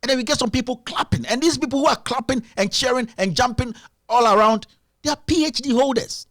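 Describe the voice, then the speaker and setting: A man's voice: extremely high pitch, a little fast, a bit bright, no room sound, studio quality. A man hosting a live-stream show, giving emphatic, repetitive political commentary.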